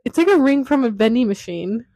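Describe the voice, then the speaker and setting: A young woman in her twenties telling a dating story in casual chat, animated and often laughing as she talks. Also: a little high, a little fast, no room sound. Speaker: podcast guest.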